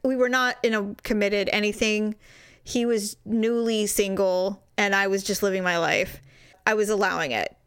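A woman's voice: medium pitch, fairly even intonation, normal speed, clean tone, no echo, studio quality. A middle-aged woman telling a story in casual chat, acting out quotes in big voices.

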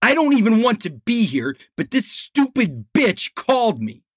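A man's voice: extremely high pitch, huge pitch swings, a little slow, husky, no echo, studio quality, pitched above the performer's own voice, exaggerated voice. A man voicing a stocky, hostile teenage boy who talks in a sneering, profane way, raised well above his own voice. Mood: angry. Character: stocky hostile male teenager, bullying and crude.

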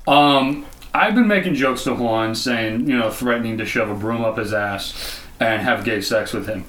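A man's voice: medium pitch, moderate pace, fairly bright tone. A young man co-hosting a podcast, cutting in with crude jokes in casual chat. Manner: crude joking, jumps in. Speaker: podcast co-host.

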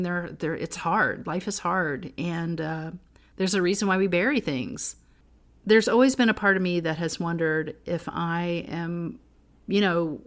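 A middle-aged woman co-hosting a casual faith podcast, telling personal stories earnestly and laughing often. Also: on the low side. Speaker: podcast co-host.

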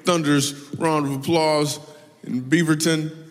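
A man's voice: fairly high pitch, steady tone, measured pace, slight background noise. Sarcastic male stand-up doing crowd work, live theater sound with reverb. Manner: playful, sarcastic with the audience. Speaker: stand-up comedian. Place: large theater on stage.

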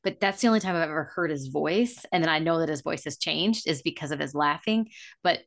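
A woman's voice: deep voice, fairly quick, gravelly, a bit bright. A woman talking casually and sympathetically as an interviewer, sharing about her own son. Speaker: interviewer, parent of a nonverbal son. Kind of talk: casual conversation.

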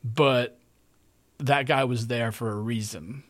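A middle-aged man tells a story in a loose, conversational way, circling back and repeating words as he goes. He talks at a middle pitch and sounds like a relaxed podcast host chatting with a guest. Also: takes it slowly. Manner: rambling, conversational, repeats himself. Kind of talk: casual storytelling.

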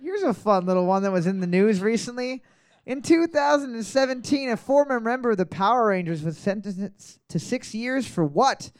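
High-voiced crude joking trivia host. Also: male voice, moderate pace. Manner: crude, joking, repeats each question. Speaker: trivia quizmaster. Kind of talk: casual bar trivia hosting.

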